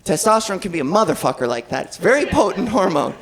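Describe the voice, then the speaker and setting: A woman's voice: on the low side, very animated, fast talker. A woman in her thirties doing a live stand-up set, wry and self-deprecating. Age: 30s. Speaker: stand-up comedian. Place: comedy stage before live audience. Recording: live audience laughter in a club.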